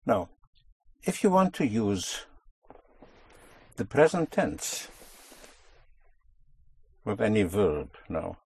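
A man's voice: on the low side, very animated, drawn-out words, creaky, long pauses, husky. A man teaching a language lesson, patiently explaining and drilling words, checking in with "yes?" as he goes.

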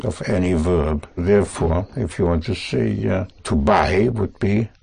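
A man teaching a language lesson to students, speaking slowly and patiently, prompting and correcting them. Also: sits low, creaky, darkish tone, breathy edge. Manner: slow, patient, reassuring, repeats and corrects.

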